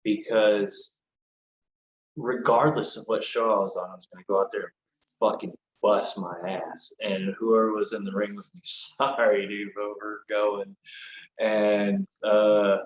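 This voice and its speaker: A former wrestler tells stories as a podcast guest in a lowish voice, animated, loose and full of swearing. The sound is roomy and dull, with a faint hiss behind him. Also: male voice, unhurried. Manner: animated, swears freely, lots of "like". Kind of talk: casual podcast storytelling.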